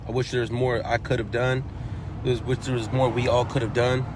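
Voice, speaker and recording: With background noise around him, a man with a mid-range voice speaks a little fast, his pitch barely moving. He recounts in the first person what he witnessed, earnest and emotional, repeating himself and restarting sentences as his account turns more urgent.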